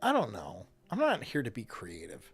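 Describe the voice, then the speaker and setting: A man's voice: fairly low pitch, huge pitch swings, normal speed, slightly rough, faint music behind. A man streaming live, chatting crudely and jokingly with his viewers and laughing often. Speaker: streamer reacting to a video. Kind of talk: casual livestream chat.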